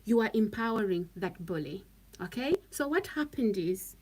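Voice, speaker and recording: A woman's voice: medium pitch, lively intonation, normal speed, a little mellow, rough recording. A woman talking on a live stream to her viewers, emphatic and repetitive, often checking in with "okay?". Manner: emphatic, repeats phrases, frequent "okay?".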